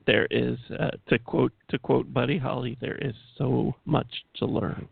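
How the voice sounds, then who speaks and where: A man's voice: mid-range voice, steady tone, measured pace, gravelly, husky, dry recording. A man co-hosting a casual radio talk show, easygoing with dry humor and hesitant ums. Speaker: co-host. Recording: dry, tinny phone line.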